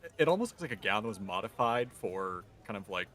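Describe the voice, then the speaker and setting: A man describing his tabletop game character, halting and searching for words. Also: on the low side, sing-song, fairly bright tone. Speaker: player.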